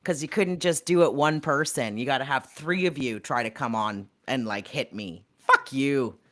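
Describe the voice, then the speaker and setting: A woman's voice: extremely low pitch, normal speed, fairly bright tone. A young woman co-hosting a live talk show, angry and profane, ranting in a combative way. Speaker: co-host. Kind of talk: heated casual chat.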